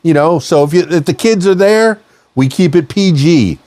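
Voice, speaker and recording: Lively, hyped-up male DJ host. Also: fairly high pitch, moderate pace, dry recording. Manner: hyped, playful, jokey emcee patter. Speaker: podcast host and DJ. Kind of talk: upbeat promo chat. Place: radio studio.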